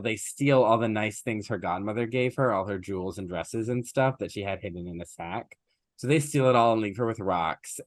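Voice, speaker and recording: Co-hosting a podcast, this man speaks in a fairly low register while spinning an old tale in a loose, talkative style packed with fillers and side comments. The sound is dry and studio-clean.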